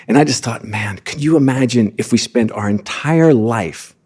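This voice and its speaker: A man's voice: mid-range voice, moderate pace, darkish tone, breathy edge. A middle-aged man, a sports executive appearing as a podcast guest, telling personal stories earnestly and with frequent restarts. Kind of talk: conversational storytelling.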